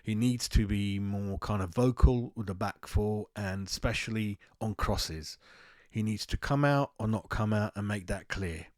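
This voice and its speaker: Male London-accented fan-channel host, low-pitched, blunt, waffling, dry recording. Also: a little slow, darkish tone, no echo. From West London. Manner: rambling, blunt, self-mocking. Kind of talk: casual opinion monologue.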